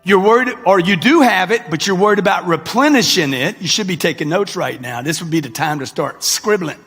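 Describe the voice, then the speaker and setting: A man's voice: high voice, lively intonation, fairly quick, fairly bright tone, husky. A man, giving a brash motivational talk to a live audience and calling out to the crowd. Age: 60s. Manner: brash, preachy, addresses the crowd directly with slang. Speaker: motivational speaker. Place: large hall before a live audience. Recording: echoey hall with music underneath.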